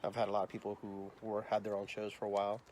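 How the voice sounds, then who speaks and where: Animated storytelling podcast host, a man. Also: on the low side, fast, a little hiss or hum. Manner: animated, acts out the people in his stories. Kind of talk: casual storytelling interview.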